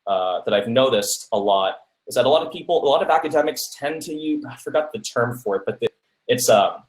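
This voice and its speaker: A man's voice: mid-range voice, expressive, fairly quick. Man giving speaking tips in a roomy echo. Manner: many fillers and restarts, asks "right?" often. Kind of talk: casual advice talk.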